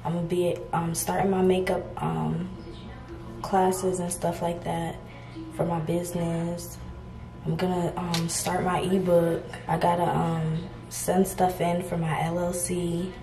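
A young woman from Georgia in the US, chatting casually to her viewers in a vlog, relaxed and slangy, calling them y'all. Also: on the low side, unhurried, vocal fry, echoey room, over music. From Georgia, USA. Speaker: vlogger. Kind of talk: casual vlog chat to camera. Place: hotel room.

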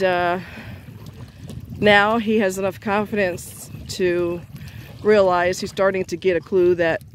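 A woman's voice: mid-range voice, a little hiss or hum. A woman chatting casually to her viewers outdoors by a lake, coaxing and praising her dog. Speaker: vlogger. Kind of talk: casual vlog commentary.

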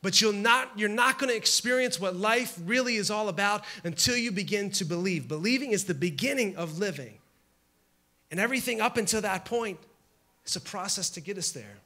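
A man's voice: high voice, animated, brisk, bright, forceful tone. A man preaching a sermon as pastor, conversational and humorous, acting out the scenes he tells.

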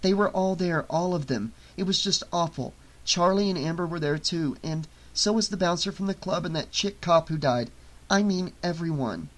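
A man putting on an anxious young woman in an audiobook, her voice pitched well above his own. She speaks earnestly and fretfully, grave and shaken. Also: normal speed, fairly bright tone, close to an everyday voice. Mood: worried.

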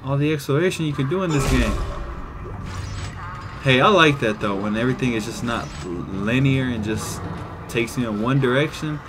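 A man hosting a casual let's-play, reacting with jumpy, excitable exclamations. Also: medium pitch, normal speed, music in the background. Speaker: gaming video host.

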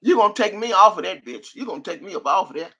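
Give me an older woman with a sharp, forceful voice, cursing through a live-stream rant. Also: mid-range voice, lively intonation, fast, breathy edge. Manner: trash-talking, cursing, reads out viewer names.

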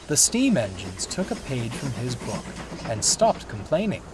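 A man narrating a children's storybook in an expressive, unhurried way, with music playing behind him. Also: mid-range voice, noisy background.

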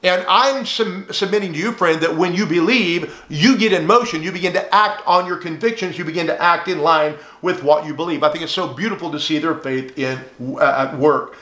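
Male pastor delivering an earnest teaching sermon; high voice, roomy sound. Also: fairly quick, few pauses, sharp tone. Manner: earnest preaching, addresses listener as friend.

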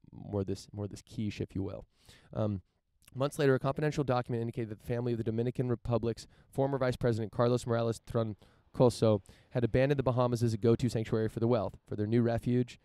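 A man from the United States commenting casually on news and reading passages aloud, halting and repeating words as he searches for his point. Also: medium pitch, dark tone, clear, resonant tone, dry recording, studio quality. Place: outdoors in front of a mansion.

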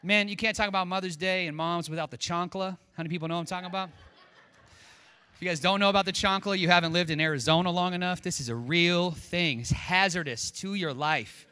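A man's voice: high-pitched, fast, pushed and bright, clear, resonant tone. A middle-aged male pastor preaching a casual, joking sermon with chatty asides to his church. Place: church sanctuary. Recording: long hall reverb.

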